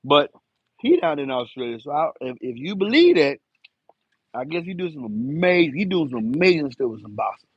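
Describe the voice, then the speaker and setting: A man's voice: on the high side, big pitch swings, moderate pace, slightly rough, no room sound, dull audio. A man around fifty, chatting loosely on a live stream and rambling in slang. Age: 50s. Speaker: live-stream host, enclosure builder. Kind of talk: casual live-stream chat.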